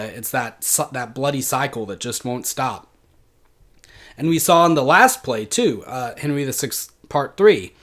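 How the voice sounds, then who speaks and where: Man lecturing with frequent fillers. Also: mid-range voice. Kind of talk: recorded literature lecture.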